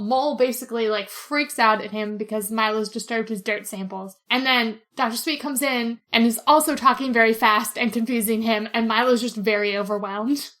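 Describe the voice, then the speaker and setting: A woman's voice: a little high, fairly bright tone. A woman co-hosting a podcast in casual chat, talking loosely with lots of fillers and frequent laughs. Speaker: podcast co-host.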